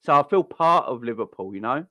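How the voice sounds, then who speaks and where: A man's voice: medium pitch, lively intonation, fairly quick, bright, forceful tone, dry recording. A man in his forties from South London, with a South London accent, hosting a football fan channel and delivering an angry, sweary rant with frequent repeats and restarts. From South London, England. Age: 40s. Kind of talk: heated fan rant to camera.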